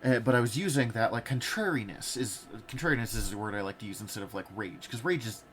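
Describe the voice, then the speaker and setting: A man's voice: medium pitch, lively intonation, fast, a bit bright. A man with a mid-range voice shares candid personal stories on a casual podcast. He talks in a laid-back, conversational way. Faint background hiss runs underneath. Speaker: podcast co-host.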